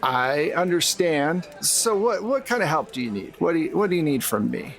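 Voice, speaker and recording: A man's voice: on the high side, very animated, moderate pace, vocal fry. A man playing a shrewd seventy-two-year-old woman in a tabletop game. She speaks in a wry, world-weary way and haggles hard.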